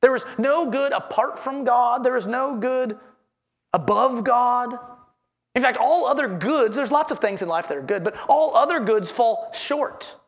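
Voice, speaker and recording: A man's voice: extremely high pitch, unhurried. A man preaching a sermon as pastor, earnestly repeating his headings and asking the congregation questions.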